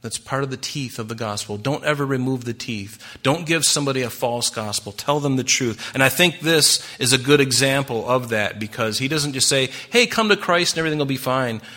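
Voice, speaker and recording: A man's voice: mid-range voice, moderate pace, few pauses, bright, forceful tone. A man preaching a sermon in a conversational way, asking the congregation rhetorical questions and acting out the voices in his stories. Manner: acts out quoted voices. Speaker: pastor.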